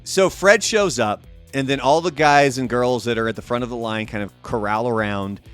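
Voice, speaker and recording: Over soft background music, a man hosts a casual podcast in a smooth, mid-range voice at normal speed. His story is animated and heavy on swearing, with the quotes acted out.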